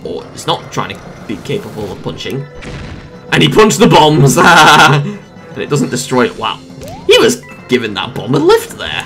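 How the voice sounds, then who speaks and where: Excitable gamer with a lively, swooping voice. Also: medium pitch, measured pace, soft background music. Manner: excitable, exclaims and laughs often; rambling jokey asides. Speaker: let's play gamer. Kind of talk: casual gameplay commentary.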